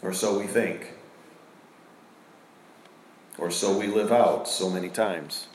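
A man preaching a sermon to a congregation, asking them questions and swinging between loud and hushed delivery. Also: low-pitched, steady tone, slow pace. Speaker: pastor. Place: church hall with a congregation. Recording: echoey church room.

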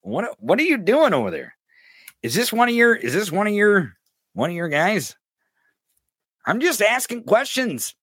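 A man rants as a podcast host, mocking and cursing as he needles a viewer from the chat. His voice sits a bit high and bright and swings widely in pitch. The sound is dry and close. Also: wildly swooping pitch, normal speed, pauses often, husky, no room sound. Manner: mocking, profane, addresses a chatter directly. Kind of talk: ranting political commentary.

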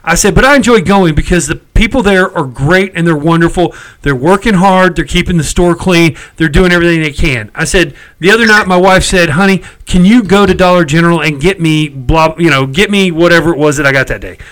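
A middle-aged man tells a story in a casual chat. His voice sits high and rings bright. He sounds exasperated and swears freely. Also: fairly quick, few pauses, poor audio. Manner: chatty, exasperated, salty language.

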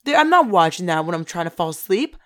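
A woman's voice: fairly low pitch, big pitch swings, fast, a bit bright. A young woman co-hosting a podcast, ranting with exaggerated mock outrage in unfiltered casual chat. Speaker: podcast co-host.

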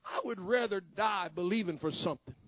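A male pastor preaching a fiery sermon, swinging between hushed asides and shouted declarations. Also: sits high, brisk, no echo, muffled recording.

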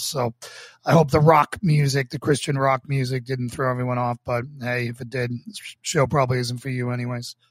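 A man from Boston, a pastor hosting his own livestream, talking earnestly and emotionally with halting restarts before moving into a sermon. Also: medium pitch, no room sound, studio quality. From Boston, United States. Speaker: pastor and show host. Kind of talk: livestreamed casual talk leading into a sermon.

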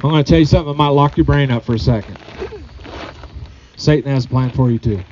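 A man's voice: mid-range voice, fast, darkish tone, muffled recording, a little hiss or hum. A man preaching a sermon to his congregation, earnest, often repeating phrases and putting questions to the people. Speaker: pastor.

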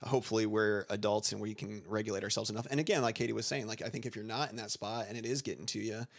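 A man who co-hosts a podcast and works on school staff speaks fast in a lowish, gravelly, steady voice. In casual conversation he works through ideas thoughtfully and meanderingly, with many restarts and fillers.

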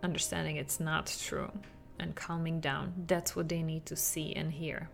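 Woman coaching parents on a podcast, kinda low, quiet music behind. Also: normal speed, creaky. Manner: animated, acts out quotes with laughs. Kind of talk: podcast monologue.

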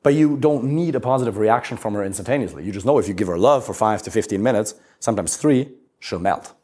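A man's voice: lowish voice, fast talker. A man coaching a live group on relationships, talking bluntly, swearing freely and stressing his points with energy. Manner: blunt, swears freely, lively emphatic delivery.

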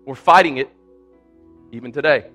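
A man's voice: mid-range voice, normal speed, a bit bright, faint music behind. A man preaching a sermon as a pastor, emphatic and repetitive, his voice climbing when he voices people's pleas. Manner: emphatic preaching with repeated phrases, voice rising in quoted pleas. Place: church sanctuary.

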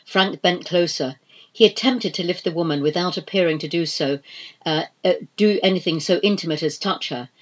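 Woman reading a novel aloud, expressive and measured, kinda muffled audio. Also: lowish voice. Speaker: audiobook narrator. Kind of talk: scripted narration.

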